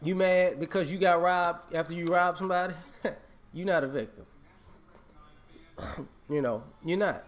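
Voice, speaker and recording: A man's voice: high voice, normal speed. A man vlogging a casual opinion rant, emphatic and repetitive, scolding and laughing.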